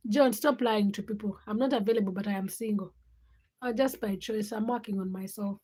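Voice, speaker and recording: A woman's voice: medium pitch, fairly quick, mellow, a little hiss or hum. A young woman hosting a casual late-night livestream, chatting and teasing viewers by name as she reads their comments. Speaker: livestream host.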